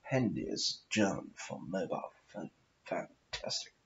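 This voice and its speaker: A man's voice: on the low side, sing-song, moderate pace, muffled recording, slight background noise. A man with a posh English accent, rambling through a sweary, self-mocking vlog monologue while smoking. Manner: profane, meandering, self-mocking asides. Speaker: vlogger.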